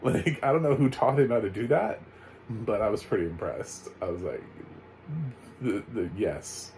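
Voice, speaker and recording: An American man giving a casual, chatty spoken film review, full of animated asides and fillers. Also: lowish voice, a little fast, creaky, a little hiss or hum, low-quality recording. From United States. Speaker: movie reviewer.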